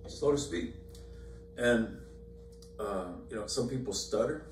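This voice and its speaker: A man's voice: medium pitch, a little slow. A man leading an informal Bible study, talking conversationally with many fillers and repeated words. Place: church meeting room. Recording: echoey room, far from mic, faint hum.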